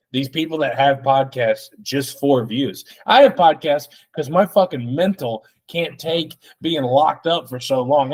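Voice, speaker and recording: A man in his thirties hosting a solo podcast, rambling and excitable with plenty of swearing. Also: mid-range voice. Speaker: podcast host.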